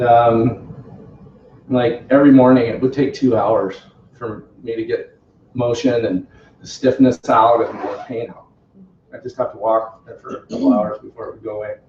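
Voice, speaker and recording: Recorded on a distant, roomy, dull-sounding home video with a bit of hiss or hum, a company representative speaks in a mellow mid-range voice. Sitting in a living room, he chattily tells a small group about his experience, self-deprecating, laughing, and often quoting people.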